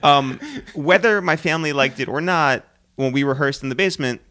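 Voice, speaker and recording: A man's voice: fairly high pitch, bright, forceful tone, clear, resonant tone. A man hosting a podcast, chatting casually and prompting his guest with questions. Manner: chatty, prompting, quick to laugh along. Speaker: podcast host. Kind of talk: casual interview chat.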